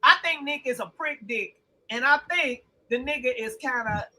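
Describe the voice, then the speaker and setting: A woman co-hosting a casual podcast, talking in a high, sharp, ringing voice. She is profane and worked up, and her points often rise into loud outbursts. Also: normal speed, rough recording. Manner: profane, emphatic and fired-up. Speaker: podcast co-host. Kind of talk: casual chat.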